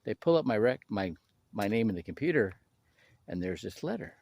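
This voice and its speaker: Man, slightly low voice, animated personal storytelling with restarts. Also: creaky, no room sound. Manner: animated, acts out quoted people in a raised voice; halting restarts and repeated words. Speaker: speaker sharing his testimony.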